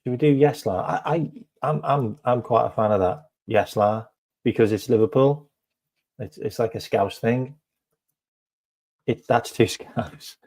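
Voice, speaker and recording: A man's voice: medium pitch, measured pace, pauses often, a little mellow. A man hosting a casual live stream, chatting to viewers with lots of ums and repeated phrases.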